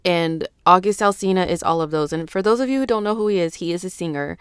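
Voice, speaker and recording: A woman astrologer talks straight to the camera first thing in the morning, just out of bed. Her voice sits very low yet stays unusually clean and resonant. She chats in a loose, rambling way with street slang, and the sound is dry and close with no room around it. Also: quick pace, smooth, dry recording. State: just woken up. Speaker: astrologer and channel host. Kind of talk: casual unscripted vlog talk.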